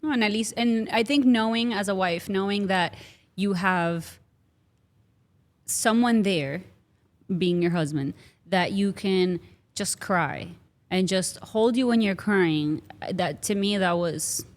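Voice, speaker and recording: A woman hosting an interview, speaking gently and empathetically. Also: mid-range voice, slow, in a large hall. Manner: gentle, empathetic, laughs easily. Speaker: podcast host. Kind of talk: heartfelt conversational interview.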